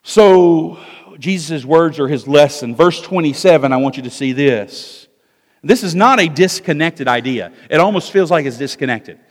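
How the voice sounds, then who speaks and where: A male pastor preaching an expository sermon, moving between loud emphasis and hushed asides. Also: fairly high pitch, expressive, moderate pace. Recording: long hall reverb.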